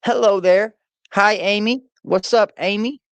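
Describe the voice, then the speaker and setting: A woman's voice: mid-range voice, unhurried, dry recording. A woman hosting a casual livestream, playfully greeting chatters by name one after another on a laptop mic. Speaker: livestream host.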